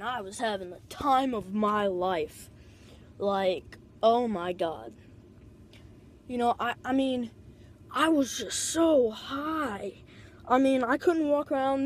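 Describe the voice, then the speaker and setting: A woman telling a rambling, casual story into a tablet mic, filling every pause with "like" and swearing freely. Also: fairly high pitch. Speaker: vlogger.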